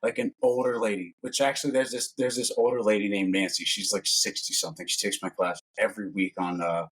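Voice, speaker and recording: A man's voice: lowish voice, a little fast, breathy edge. A man, a fitness coach, talking casually on a podcast as a guest, telling jokey stories and swearing freely. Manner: animated, swearing, jokey storyteller.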